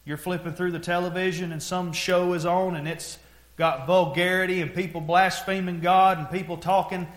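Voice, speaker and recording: A man preaching a sermon, telling folksy stories and moving from hushed, heavy moments to loud, pressing exhortation. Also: sits high, little pitch movement, normal speed, reverberant.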